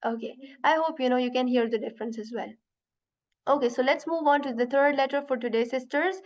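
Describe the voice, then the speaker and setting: A woman teaching an online beginners' lesson on letter sounds, patient and repetitive, often checking in with "right?" and demonstrating sounds slowly. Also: high voice, highs cut off. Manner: patient, repeats sounds slowly, many "you know" and "right?". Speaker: Quran teacher.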